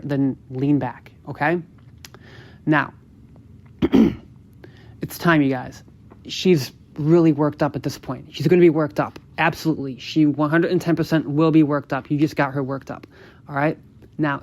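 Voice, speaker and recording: A male podcast host working as a dating coach gives listeners emphatic, repetitive instructions with casual swearing. When he acts out sample lines, his voice drops lower and quieter.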